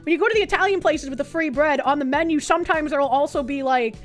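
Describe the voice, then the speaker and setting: High-voiced profane woman streamer. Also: quick pace, few pauses, faint music behind. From United States. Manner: rambling, profane, laughs often. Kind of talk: casual stream chat reading an article.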